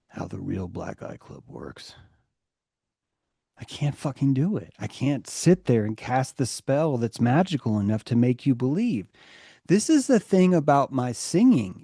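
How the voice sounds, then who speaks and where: A man's voice: medium pitch, dry recording. Profane rambling man, dry close sound. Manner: profane, rambling, swings from muttering to shouting. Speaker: podcast host. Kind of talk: heated casual chat.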